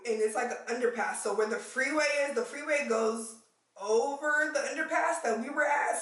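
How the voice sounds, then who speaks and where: A woman vlogger telling a story to her viewers in casual, animated talk, swearing now and then and calling them y'all. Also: fairly high pitch, very echoey, distant mic, rough recording.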